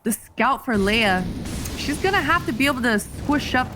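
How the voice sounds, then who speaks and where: A woman's voice: fairly high pitch, expressive, moderate pace, music in the background. A woman co-casting a live esports match, breaking down the play in a chatty, analytical way and laughing easily. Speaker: esports co-caster. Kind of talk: live colour commentary.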